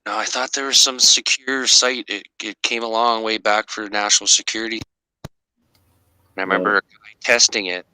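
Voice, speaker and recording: Deep-voiced man with a bright, dry sound. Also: steady tone, moderate pace, clean tone, rough recording. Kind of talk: casual chat.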